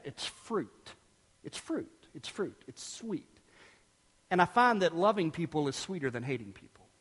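A man preaching a sermon as pastor, animated, swinging between loud outbursts and hushed, quiet lines. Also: fairly high pitch, long reverb tail. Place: church.

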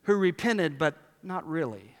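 A male pastor preaches with animated emphasis, repeating key lines and asking the room rhetorical questions. His voice sits high for a man. It carries the long reverb of a large hall. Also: unhurried. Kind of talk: sermon.

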